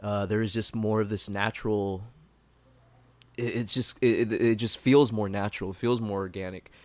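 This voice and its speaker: A podcast co-host chats casually in a low, darkish voice with fairly even intonation at normal speed. The room is dry, with no room sound.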